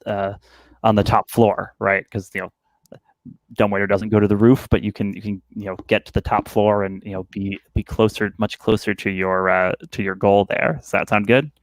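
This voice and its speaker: A man's voice: on the low side, flat delivery, no room sound. Rambling male game master, dry sound. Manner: rambling, halting, many fillers. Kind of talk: narrating a tabletop game.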